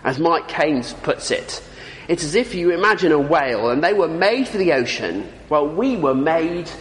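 Male preacher, emphatic sermon delivery with lively pitch, recorded in a reverberant hall. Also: moderate pace, a little hiss or hum. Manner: emphatic, asks listeners rhetorical questions. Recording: echoey hall with long reverb.

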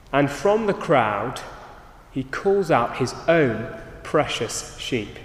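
A man preaching a sermon, earnest, often restarting his sentences. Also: mid-range voice. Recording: roomy hall reverb.

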